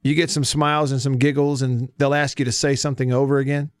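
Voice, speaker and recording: A man's voice: medium pitch, little pitch movement, fast, clean tone, no room sound. A man hosting a casual sports talk radio show, with a Southern accent, folksy and chatty as he reads listener texts. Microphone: studio mic. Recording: dry studio sound.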